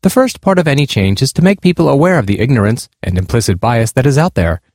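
A man earnestly reading aloud a personal essay about his blind parents' experiences, in a measured tone. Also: medium pitch, expressive, darkish tone, dry recording, clean studio sound. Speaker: speaker on disability awareness.

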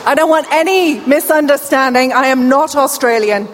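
A woman's voice: sits high, moderate pace, background noise. A British woman in her forties with a deaf speech accent, giving an upbeat, chatty conference keynote to a crowd. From England. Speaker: keynote speaker. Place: large conference hall. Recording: reverberant hall from a distance.

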